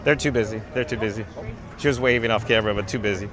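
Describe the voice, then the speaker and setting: A man's voice: on the low side, fast, a bit bright, faint music behind. A man hosting a live-streamed walking tour outdoors in a theme park, chatting and reading viewer comments aloud, recorded on a handheld mic while walking.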